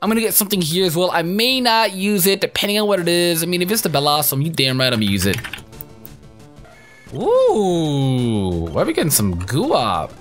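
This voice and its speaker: A young man commenting on his own game playthrough, excitable, crude and joking. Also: sits high, fast talker, few pauses, soft background music. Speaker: gaming YouTuber. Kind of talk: let's play commentary.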